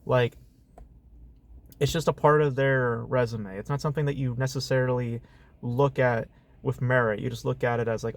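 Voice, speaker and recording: Male vlogger, mid-pitched voice, venting about a film with blunt profanity and irritation. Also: fairly even intonation, moderate pace. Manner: profane, exasperated, heavy on fillers and rhetorical asides. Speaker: film reviewer. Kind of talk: casual ranting movie review.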